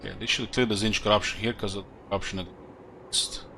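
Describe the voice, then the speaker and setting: A man's voice: lowish voice, fairly even intonation, fairly quick, pushed and bright. A tired man streaming and commenting casually on a strategy game, thinking aloud with loose rambling sentences. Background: faint game music.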